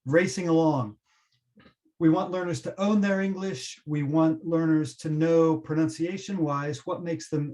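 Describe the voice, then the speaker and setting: A man giving a teacher-training webinar, explaining pronunciation and slowly modelling example words. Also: on the high side, darkish tone. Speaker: webinar presenter.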